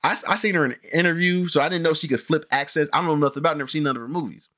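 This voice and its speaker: A man's voice: fairly high pitch, very fast. Rambling man chatting about a movie. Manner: rambling, frequent restarts and fillers, animated when excited. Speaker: podcast host reviewing a movie. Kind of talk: casual movie review chat.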